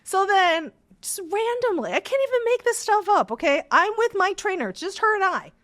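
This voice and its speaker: Middle-aged female host, chatty storyteller who acts out the dialogue; high, swooping voice. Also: normal speed. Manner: animated, acts out dialogue, frequent "right?" and "okay?". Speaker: podcast host. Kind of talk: casual storytelling chat.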